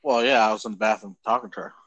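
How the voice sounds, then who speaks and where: Low-voiced man chiming in offhand. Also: very fast, no room sound, highs cut off. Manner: relaxed, offhand interjections. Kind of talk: casual chat.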